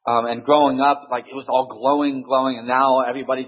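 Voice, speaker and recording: Husky man telling a halting story. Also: mid-range voice, level tone, narrow, tinny audio. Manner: halting, many restarts and fillers. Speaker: speaker in a group discussion. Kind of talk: casual storytelling.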